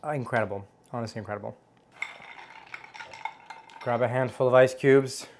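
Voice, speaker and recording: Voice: mid-range voice, moderate pace, a little mellow, a little hiss or hum. A host giving a casual home cocktail tutorial, chatty and playful, joking at their own expense and humming as they taste. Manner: savors tastes aloud with hums.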